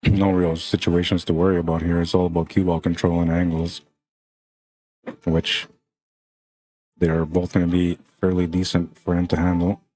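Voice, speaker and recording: A man's voice: sits low, monotone, moderate pace, long pauses, darkish tone, no echo. A man commenting live on a pool match for a stream, chatty and greeting viewers by name between shots.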